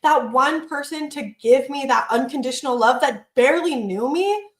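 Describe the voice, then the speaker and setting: Chatting casually on a podcast she co-hosts, an animated woman shares a personal story, acting out people's words and swearing freely. Her voice sits a little high and her pace is moderate, with an echo from the room.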